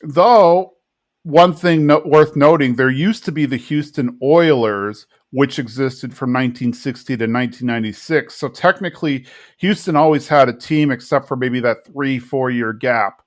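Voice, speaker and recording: A man's voice: mid-range voice, normal speed. A man co-hosting a podcast, casually recapping an episode and now and then mimicking the characters. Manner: retells scenes, briefly mimicking characters. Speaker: podcast co-host.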